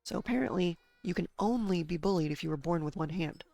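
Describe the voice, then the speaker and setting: Female game streamer, low voice with vocal fry, blunt, sarcastic, frustrated. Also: fast, mellow, no echo. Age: adult, married. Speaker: gaming streamer. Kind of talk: casual venting while streaming a game.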